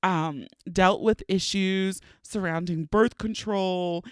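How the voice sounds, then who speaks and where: A woman in her thirties hosts her podcast in a chatty, playful monologue, laughing often. Her voice is smooth and resonant, and she sounds a little stuffy from allergies. The close-mic recording is dry, with no room sound. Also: on the low side, slow, no room sound. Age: 30s. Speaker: podcast host.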